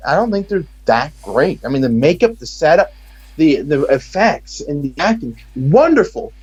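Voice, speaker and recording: A man's voice: a little high, sing-song, normal speed, a little mellow, husky, muffled recording. A man from Texas speaking with an American accent, rambling and joking sarcastically in casual chat.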